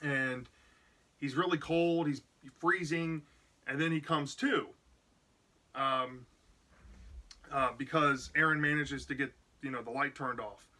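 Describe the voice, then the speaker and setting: A man's voice: on the high side, fairly even intonation, slow, pauses often, bright, forceful tone. A man casually retelling a book's plot as a reviewer, rambling with lots of "like" and "you know". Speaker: book reviewer.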